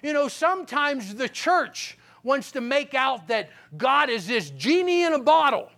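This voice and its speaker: A man from Pennsylvania telling his testimony in a sermon, folksy and animated, checking in with "okay?" and swinging from loud punchlines to low, grave lines. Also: measured pace, gravelly. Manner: folksy, talks straight to the audience with "okay?". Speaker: guest speaker giving a testimony.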